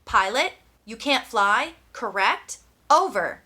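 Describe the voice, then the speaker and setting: A woman voicing a calm adult male radio operator who speaks in clipped, formal radio procedure in an audiobook. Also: fairly high pitch, slow pace, heavily acted. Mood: businesslike.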